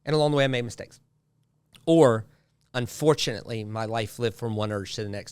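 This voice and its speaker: Animated man telling a story, dry mic. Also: mid-range voice, brisk, clear, resonant tone, no echo. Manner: animated storyteller, repeats phrases for effect. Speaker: guest pastor. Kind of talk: casual podcast conversation.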